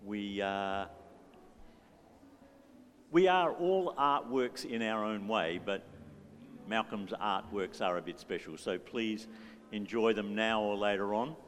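In a reverberant church hall with faint music, a worship leader speaks slowly in a lowish, fairly bright voice, pausing often. He leads the service playfully, joking and encouraging the congregation to join in.

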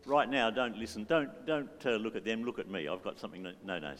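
A man's voice: on the low side, animated, quick pace, fairly bright tone, slight background noise. A man leading a church service in a playful, joking way, coaxing the congregation to join in. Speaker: worship leader. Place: church hall. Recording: reverberant church hall with faint music.

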